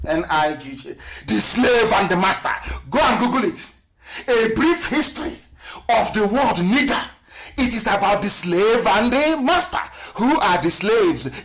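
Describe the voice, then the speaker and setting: With a high voice over slight background noise, a middle-aged man lectures passionately on live radio as a political broadcaster. His style is rhetorical, shifting from loud to hushed, and he spells certain words letter by letter.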